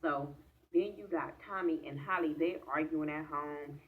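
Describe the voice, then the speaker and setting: A woman with a low voice, a TV episode reviewer, excitedly recaps an episode in a casual vlog, speaking unhurriedly. She's excitable and profane and addresses viewers directly. The audio sounds tinny and phone-like, picked up off-mic.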